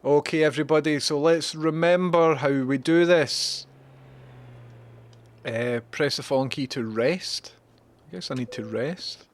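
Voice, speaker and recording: A man's voice: fairly high pitch, unhurried. A Scottish man chatting and swearing his way through a live gameplay stream, talking to viewers as he plays.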